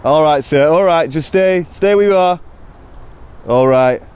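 A man playing a calm police officer who describes the scene in a measured, deadpan way. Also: a little high, smooth, close to an everyday voice.

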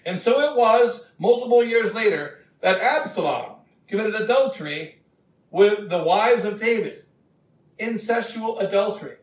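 A man preaching a sermon as a bishop, retelling scripture in a slow, emphatic storytelling way. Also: high-pitched, lively intonation. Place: church. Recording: echoey church from a distant mic.

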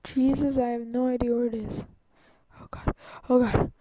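A woman's voice: a little high, flat delivery, normal speed, background noise. A young woman from Canada giving jittery, easily startled let's-play commentary on a video game, talking to herself as she goes. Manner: jittery, easily startled, rambling self-talk. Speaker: gaming YouTuber.

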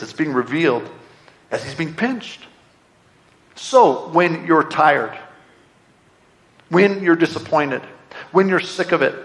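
A man's voice: on the high side, a bit bright. Earnest middle-aged man preaching a sermon. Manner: earnest, conversational preaching with repeated rhetorical questions. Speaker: pastor. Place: church sanctuary.

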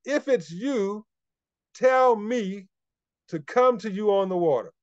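A doubtful Peter second-guesses and tests what he sees, as a preacher acts him out. The voice is a bit high for a man and comes through dry, with a slightly dull sound. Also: expressive, slow pace, dry recording. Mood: testing. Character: doubtful male disciple Peter testing Jesus.

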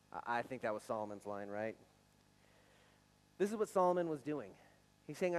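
Here the pastor, a man in his forties, has a lowish, darkish voice that swings widely in pitch, moving briskly but with long pauses. He delivers an earnest, conversational sermon in the church sanctuary, sometimes tripping over his words, on poor audio.

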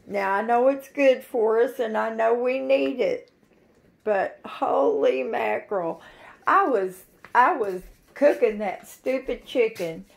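Slow-talking, gravelly woman. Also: a little high. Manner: giggly, chatty, folksy. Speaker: vlogger. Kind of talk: casual home vlog chat. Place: indoors at home.

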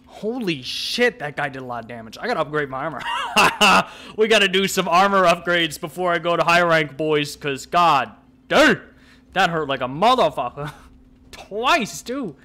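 A young man giving casual let's-play commentary, swearing and talking back to the monster, with sudden yells. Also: on the high side, animated, normal speed. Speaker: gameplay commentator.

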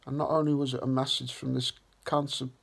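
A man hosting a vlog, talking slowly and earnestly in a reflective way. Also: medium pitch, little pitch movement, creaky, a bit bright, slightly rough. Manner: slow, earnest and heartfelt. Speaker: vlog host.

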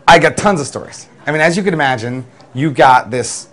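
A man who runs a delivery business, telling lively work anecdotes in an interview, with restarts and acted-out quotes. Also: on the high side, brisk. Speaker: food delivery business owner. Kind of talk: interview storytelling.

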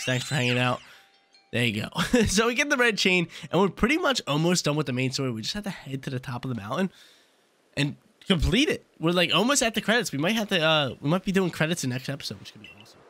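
A man's voice: fairly high pitch, sing-song, quick pace, a bit bright, a little hiss or hum. A young man casually commentating his gameplay as a channel host, laid-back and slangy, often repeating himself.

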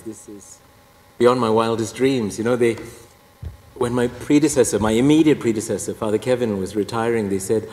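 A man's voice: lowish voice, a little mellow. A man in his fifties from Singapore, a Catholic priest telling his story in a humorous, self-deprecating way, laughing at his own jokes. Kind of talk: humorous personal testimony talk. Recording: echoey hall, faint background noise.

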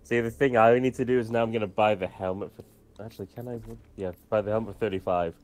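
A man's voice: on the low side, fairly even intonation, fast talker, darkish tone. A man teasing friends and swearing in casual chat during a co-op game. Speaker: co-op player.

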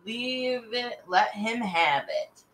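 A woman's voice: fairly high pitch, expressive, slow pace, a bit bright, reverberant, a little hiss or hum, voice pushed up. A woman voicing a friendly, helpful young schoolboy.

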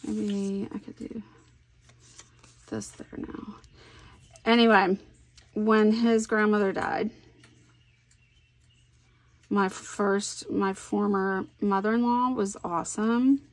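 A woman's voice: medium pitch, steady tone, slow pace, long pauses. A middle-aged woman, chatting casually and thinking aloud as she works on a scrapbook layout. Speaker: scrapbooking crafter. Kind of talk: casual crafting vlog talk.

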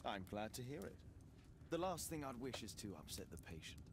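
A man's voice: medium pitch, very animated, fairly quick, background noise. A man voicing a polite, probing detective in a video game. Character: disguised detective questioning a lord, man.

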